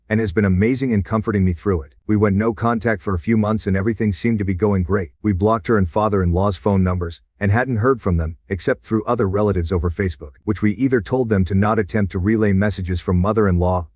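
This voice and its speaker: A man narrating a reddit story as a scripted read, with a steady, even delivery. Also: lowish voice, no room sound, clean studio sound.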